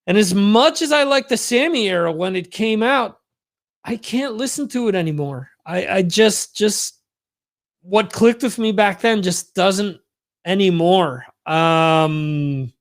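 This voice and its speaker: A man hosts a livestream, delivering a casual monologue that's chatty, rambling, and profane. His voice is high and slow-paced with lively intonation.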